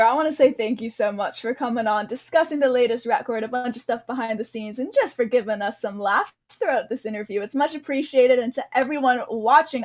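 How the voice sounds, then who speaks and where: A woman hosting a casual video interview, chatty and laughing often. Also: a little high. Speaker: interview host.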